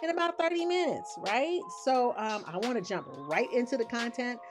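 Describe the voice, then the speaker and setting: A woman leading a live online workshop, chatty and excitable, checking in with "right?" as she goes, speaking into a webcam. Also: fairly high pitch, moderate pace, over music. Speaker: online course creator and trainer.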